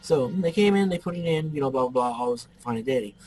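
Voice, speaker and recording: A man's voice: mid-range voice, expressive, fast talker, a little mellow, low-quality recording. A man giving casual gameplay commentary, rambling off into joking stories as he plays.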